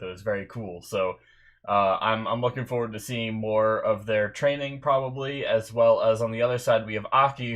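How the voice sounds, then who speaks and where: A man's voice: lowish voice, a bit bright. A man hosting a reaction channel, chatting casually through an anime recap, rambling and making fun of himself when he forgets things. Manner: rambling, self-deprecating, loses his train of thought.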